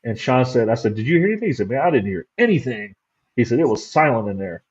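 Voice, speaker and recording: A man's voice: mid-range voice, very animated, fast, husky, lo-fi sound. A man who investigates the paranormal, telling rambling stories as an interview guest. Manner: rambling storyteller. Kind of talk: casual interview chat.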